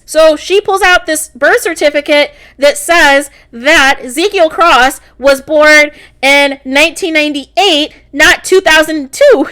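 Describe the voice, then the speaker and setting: A woman's voice: high voice, a little slow, few pauses, sharp tone. A woman vlogger giving a casual recap of a TV episode in a chatty, exasperated storytelling manner. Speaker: TV reaction vlogger.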